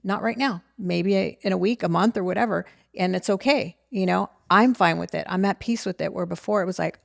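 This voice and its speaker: A woman's voice: mid-range voice, brisk, creaky, hardly any pauses, dry recording, studio quality. A middle-aged woman and mother, talking in an earnest, reflective way on a casual podcast. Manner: earnest, reflective, faith-centered. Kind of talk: casual heartfelt conversation.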